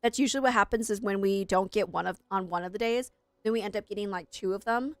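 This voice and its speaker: A woman's voice: medium pitch, fast talker, dry recording. A woman streamer chatting on a live gaming stream, rambling and self-deprecating, who also works as an English teacher.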